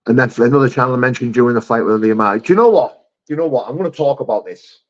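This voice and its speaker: A middle-aged English livestream host races through viewer comments in casual live chat, replying bluntly and calling everyone mate and brother. He has a mid-range voice, and the recording is muffled.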